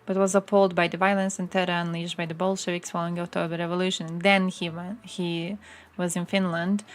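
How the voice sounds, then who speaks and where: A young woman from Croatia talks casually on her live stream, reacting to what she reads. She is sarcastic and swears freely. Her voice sits a little low for a woman. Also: flat delivery, brisk.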